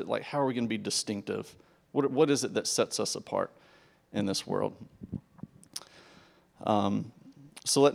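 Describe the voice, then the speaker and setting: A man's voice: fairly low pitch, gravelly. A young man preaching, telling a personal story in a conversational way, with false starts and acted-out dialogue. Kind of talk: sermon storytelling.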